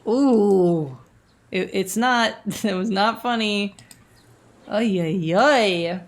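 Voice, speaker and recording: A woman's voice: medium pitch, very slow. A woman co-hosting a casual game stream, making wry, amused remarks. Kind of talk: casual gaming stream chat.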